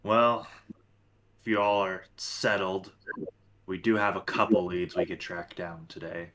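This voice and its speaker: A man in a tabletop game trades dry jokes with the table and slips into his character's lines. His voice sits low, with a bright, clear top to it. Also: level tone, unhurried. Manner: dry, joking. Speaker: player. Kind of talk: casual tabletop role-play.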